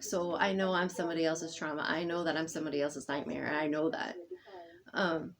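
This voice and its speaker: Halting, rambling woman on camera. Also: low voice, little pitch movement. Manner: halting and rambling, many fillers and restarts; swings between soft murmuring and loud insistence. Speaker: vlogger speaking to camera. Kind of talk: unscripted personal monologue.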